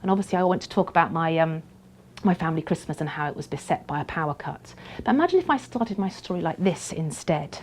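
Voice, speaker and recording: A woman teaching how to write a short personal story, emphatic and lively, now and then dropping to a soft, breathy aside. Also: low voice, fast. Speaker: storytelling tutor. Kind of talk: instructional talk to camera.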